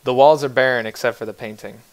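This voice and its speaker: A man's voice: mid-range voice, fairly even intonation, fast, clean tone. A man runs a tabletop game as game master, narrating scenes in a loose, casual way. He jokes and restarts his phrases often. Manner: casual, joking, with many restarts.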